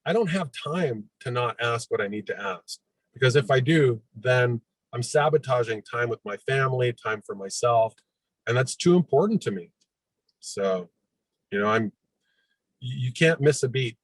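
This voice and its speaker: A man's voice: mid-range voice, expressive, moderate pace, no room sound, poor audio. A man speaking as a guest on a real estate panel, direct and practical. His voice sounds dry and close, and he lists his points one after another. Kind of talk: casual panel chat.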